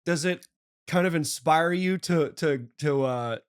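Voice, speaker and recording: Man, comedian guest, casual chat, laid-back, slightly high voice. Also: unhurried, smooth.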